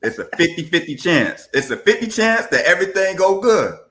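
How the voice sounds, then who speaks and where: Bright, lively man from Jamaica, a podcast guest, who acts out family chats with laughs. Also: sits high, fairly quick, a little hiss or hum. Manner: animated storytelling, acts out family conversations, laughs often. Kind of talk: casual chat.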